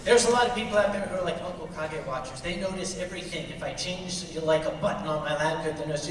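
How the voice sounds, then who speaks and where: A man's voice: a little high, fast, few pauses. A man casually telling a story to an audience in a large convention hall, in a chatty, teasing manner. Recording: echoey hall recorded from far off, noise.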